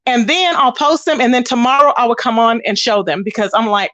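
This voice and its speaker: Young woman livestreaming off her phone, high voice, dry close sound, gossipy and chatty, aave. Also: animated, brisk, few pauses, fairly bright tone, dry recording. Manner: chatty, greets viewers with pet names. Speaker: livestream host.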